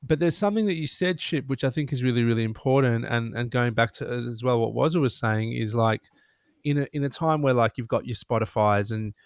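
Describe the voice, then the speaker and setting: A man's voice: mid-range voice, fairly quick, smooth, no echo, studio quality. A man with an Australian accent hosting a casual panel discussion, rambling with many fillers as he works toward his point. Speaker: panel host.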